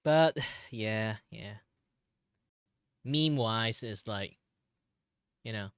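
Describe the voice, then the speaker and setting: A young man with a Malaysian English accent leaning slightly British, chatting casually while drawing on stream. He is tired after long hours, laughs often and jumps into loud, high exclamations. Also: extremely slow, clean tone, no echo, studio quality. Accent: Malaysian English with a slight British lean. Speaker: art streamer.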